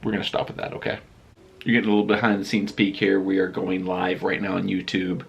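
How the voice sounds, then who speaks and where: A man's voice: sits low, completely flat delivery, quick pace, creaky, dull audio, slight background noise. A man chatting casually as a vlogger in a rambling, self-deprecating way. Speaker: vlogger and live streamer. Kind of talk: casual vlog chat.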